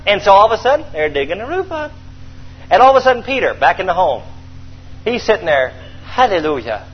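Brief: high-voiced, lively male preacher, theatrical storytelling sermon, dull lo-fi recording. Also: fast, a little hiss or hum. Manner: animated storytelling, acting out scenes, calls for response.

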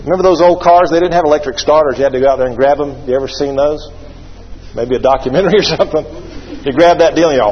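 A male pastor, preaching an animated sermon and leading the congregation in call-and-response. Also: high-pitched, fairly quick, some chatter behind, slight background noise. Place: church sanctuary. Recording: echoey hall, dull lo-fi sound.

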